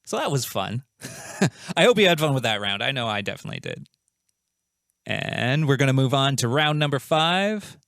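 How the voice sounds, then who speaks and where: A man hosts a comedy quiz, reading each question with a playful, self-mocking humour. His voice is smooth and resonant at an ordinary middle pitch. The sound is close and dry, with no room in it. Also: very animated, normal speed, pauses often, a bit bright, dry recording. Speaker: quiz show host.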